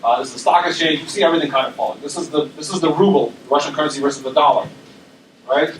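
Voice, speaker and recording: Male lecturer, slightly higher voice, casual talk full of ums, distant mic in a roomy hall. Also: racing, slight background noise. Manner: conversational, many ums and tag questions. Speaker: university lecturer. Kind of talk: academic presentation. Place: lecture room. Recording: roomy echo, speaker far from mic.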